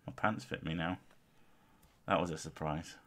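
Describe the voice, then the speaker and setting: A man's voice: low-pitched, steady tone, moderate pace, fairly bright tone. A man hosting a casual chat, teasing his co-host with dry, mock-exasperated humour. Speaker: podcast host.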